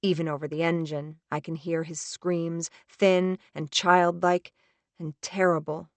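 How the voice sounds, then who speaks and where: A woman narrating a suspenseful first-person audiobook in a tense, measured reading. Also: lowish voice, little pitch movement, dry recording.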